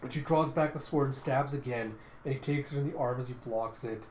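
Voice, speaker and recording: A man's voice: medium pitch, a little fast, darkish tone, a little hiss or hum. A man reading a comic book aloud in a casual, chatty way. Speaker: manga reader. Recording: echoey room.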